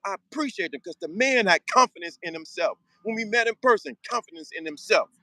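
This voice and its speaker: Male host, motivational rant, repeats himself for emphasis, higher voice, dead-dry sound. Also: expressive, brisk, sharp tone, no echo, low-quality recording. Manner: preachy, emphatic, street slang, repeats phrases. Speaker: show host. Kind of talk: motivational monologue.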